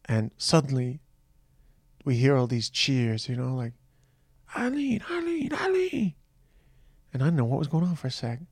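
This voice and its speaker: A tired middle-aged man hosting a podcast, speaking in a reflective, halting monologue with trailing restarts. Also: medium pitch, vocal fry, darkish tone, no echo, clean studio sound. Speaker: podcast host. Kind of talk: personal monologue, remembering his mother.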